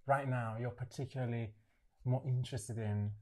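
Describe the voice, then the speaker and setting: A man's voice: mid-range voice, steady tone, normal speed, mellow. A man hosting a casual interview, upbeat and enthusiastic, often saying "like" as he asks questions. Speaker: interviewer, host.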